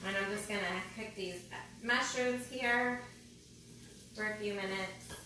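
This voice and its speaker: A woman's voice: mid-range voice, steady tone, measured pace. Chatty woman cooking in an echoey kitchen. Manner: chatty, rambling, self-deprecating. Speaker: cooking show host. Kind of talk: casual live cooking demonstration. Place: home kitchen. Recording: echoey kitchen, loud frying noise. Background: sizzling pan and kitchen clatter.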